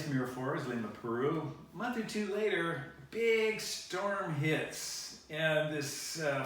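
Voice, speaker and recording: A man's voice: mid-range voice, a bit bright. A man hosting a show, telling long rambling anecdotes and correcting himself as he goes. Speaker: show host. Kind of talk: casual storytelling to camera. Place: studio. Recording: echoey room, picked up from a distance.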